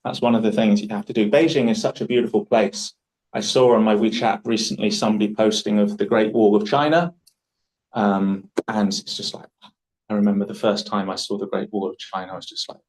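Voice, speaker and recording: A man's voice: fairly low pitch, fairly even intonation, brisk, darkish tone, rough recording. A man with an English accent hosts a public speaking workshop in a chatty, jokey storytelling way. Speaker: workshop host. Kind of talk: casual workshop hosting.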